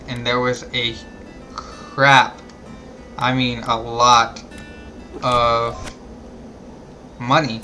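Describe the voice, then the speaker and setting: Gravelly-voiced man chatting over game music. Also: mid-range voice, poor audio. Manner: rambling, restarts often, quiet asides. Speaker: gamer streaming a playthrough. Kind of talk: casual storytelling while gaming.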